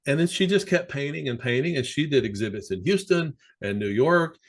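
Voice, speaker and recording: A man who works as a sports psychologist, speaking as a podcast guest and telling animated stories with plenty of fillers. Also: medium pitch, brisk. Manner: animated, anecdotal, many fillers. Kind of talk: conversational storytelling.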